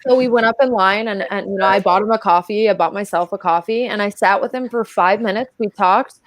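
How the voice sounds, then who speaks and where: A woman's voice: medium pitch, a little fast, no room sound. A woman as a podcast guest, telling stories in a chatty, casual way full of filler words. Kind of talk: casual storytelling chat.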